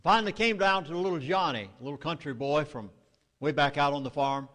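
A middle-aged man with a Southern US accent addresses a meeting in a public speech. He speaks in a fairly high voice. He delivers his warnings emphatically and urgently. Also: brisk, fairly bright tone, long reverb tail.

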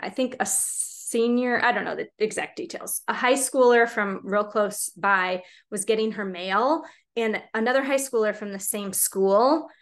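A woman's voice: medium pitch, a bit bright. A woman in her forties, a mother of teenagers, telling a rambling story casually to her viewers. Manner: chatty, rambling, filler-heavy.

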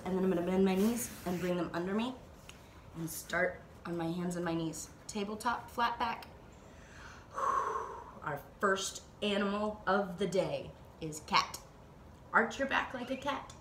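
Slow, gentle woman leading kids' yoga. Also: mid-range voice, roomy sound, noisy background. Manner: slow, playful, with animal sounds. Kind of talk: gentle guided yoga instruction for children. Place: at home, dog nearby.

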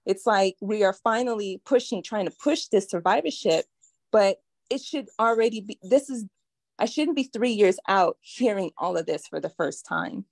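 An earnest woman in her forties speaks on a video call, her words heartfelt and halting as emotion rises. Her voice sits at a middle pitch, and the sound is dry and close. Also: expressive, creaky, darkish tone, dry recording. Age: 40s. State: getting emotional. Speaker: participant sharing her experience. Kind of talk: emotional personal testimony.

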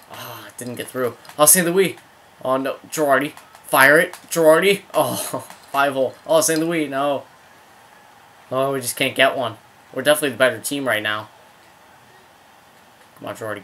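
Excitable young man commentating his hockey game. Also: medium pitch, a little hiss or hum. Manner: rambling, excited outbursts at plays. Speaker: gaming video host.

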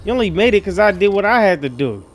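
A man giving casual, slangy commentary while playing a horror game in a dark room at night, yelping when startled. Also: sits high, sing-song, quick pace. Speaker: gaming streamer. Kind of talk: casual let's-play commentary.

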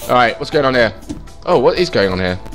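A man's voice: a little fast, faint music behind. A man casually swearing and reacting as he plays a game. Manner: excitable, sweary, jumps in pitch. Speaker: gaming channel host. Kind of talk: let's play commentary.

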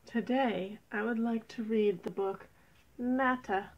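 Gentle, slow woman reading a picture book. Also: on the high side, muffled recording. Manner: gentle, expressive, unhurried. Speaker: storybook reader. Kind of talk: children's read-aloud.

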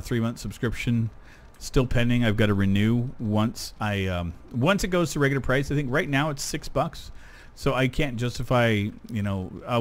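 A man hosting a gameplay video, chatting casually in a rambling, self-deprecating way with lots of ums and uhs. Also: medium pitch. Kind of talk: casual gaming commentary.

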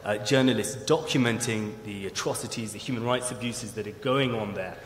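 A man moderating a festival panel, framing questions haltingly with frequent restarts. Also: lowish voice. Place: large festival hall. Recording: roomy echo and long hall reverb, faint noise.

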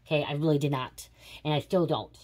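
Fast-talking low-voiced woman rambling. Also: fairly even intonation, darkish tone. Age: 30s. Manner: rambling, confiding, swears casually. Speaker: tarot reader. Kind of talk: casual psychic reading chat.

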